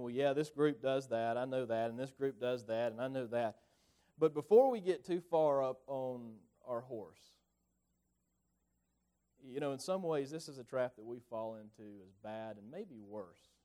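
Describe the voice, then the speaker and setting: A man's voice: medium pitch, a little mellow. A man with a rural Southern US accent preaching a conversational sermon, often repeating and restarting his words.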